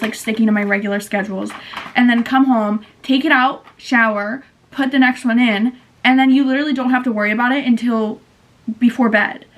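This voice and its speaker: Tired 20s girl vlogging, kinda high voice, rambly, says like a lot. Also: a little hiss or hum. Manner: rambling, chatty, lots of "like" and self-corrections. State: low-energy and tired. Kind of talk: casual vlog chat to camera.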